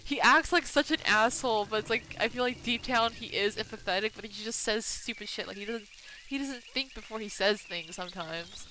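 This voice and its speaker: A woman with a stuffy nose from allergies, reading and commenting on a story game, chatty and animated. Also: medium pitch, brisk, hardly any pauses, rough recording. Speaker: game streamer. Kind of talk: live gameplay commentary.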